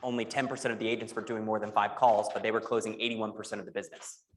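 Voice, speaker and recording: Low-voiced man chiming in quickly. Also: little pitch movement.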